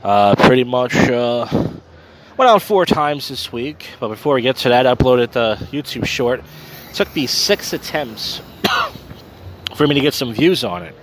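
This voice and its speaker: Telling meandering, crude tales full of filler words, this podcast and open mic host delivers a casual solo monologue while a bit tipsy. He speaks unhurriedly in a mid-range, slightly bright voice with lively intonation, over a faint hiss or hum.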